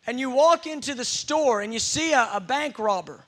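High, bright-voiced preacher. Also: male voice, moderate pace, hardly any pauses. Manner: animated storytelling with playful acted-out scenes. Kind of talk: sermon.

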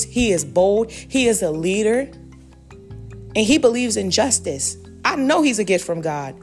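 A woman's voice: mid-range voice, darkish tone. Fervent woman giving spiritual advice. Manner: fervent, preacherly. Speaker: Christian parenting speaker. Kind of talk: spiritual teaching monologue.

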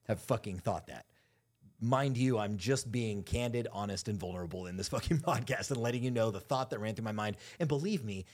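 Husky low-voiced man telling a story. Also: a little mellow. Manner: profane, candid storytelling with acted quotes. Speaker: podcast co-host. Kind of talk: casual podcast chat.

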